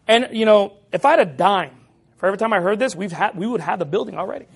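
A man preaching a sermon as pastor, forceful and loud at times, mocking the voices of his critics. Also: high voice, lively intonation, fast talker, creaky.

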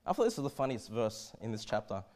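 A man preaching a verse-by-verse sermon, animated and often repeating and restarting his words. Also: on the low side, fast. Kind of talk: expository sermon.

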